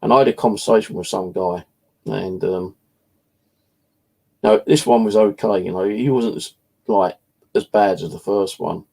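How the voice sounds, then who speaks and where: A man's voice: on the low side, normal speed, creaky, long pauses, mellow, slightly rough, rough recording. A British man telling a story in a casual, blunt way, swearing freely as he talks. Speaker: channel host.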